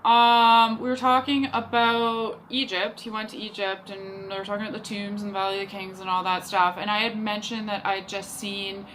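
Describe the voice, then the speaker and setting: Chatty young woman, bright voice. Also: mid-range voice, level tone, moderate pace, hardly any pauses, slight background noise, low-quality recording. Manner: chatty, exasperated, heavy use of "like". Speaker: vlogger. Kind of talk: casual storytelling rant.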